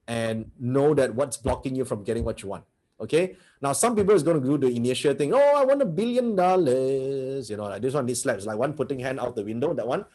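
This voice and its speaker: A man's voice: mid-range voice, darkish tone, slightly rough. A man teaching a motivational seminar, blunt and brash, who keeps firing rhetorical questions at his audience.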